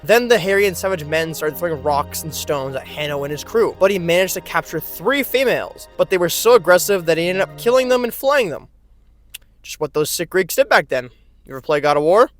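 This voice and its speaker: Man, higher voice, casual video essay narration, jokey asides, faint background music. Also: lively intonation, fairly quick. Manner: joking, informal, with asides.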